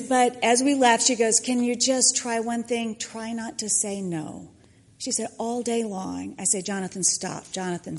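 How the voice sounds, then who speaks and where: A woman, a church mentor giving a personal testimony, acting out the quotes in her story. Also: medium pitch. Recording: long hall reverb.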